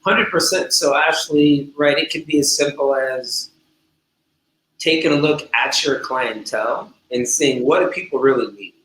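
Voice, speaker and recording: Bright-voiced man on an echoey call. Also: mid-range voice, unhurried. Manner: enthusiastic, conversational. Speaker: salon owner and co-host. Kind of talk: casual business talk. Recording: echoey room with faint hum.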